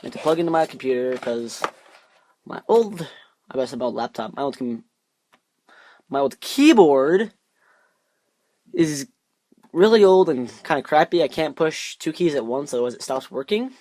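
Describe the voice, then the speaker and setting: A man's voice: fairly high pitch, very animated, moderate pace, pauses often, darkish tone, no echo. A man chatting casually while unboxing off camera, rambling and muttering to himself as he fumbles, recorded by a camera on a tripod. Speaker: unboxing vlogger.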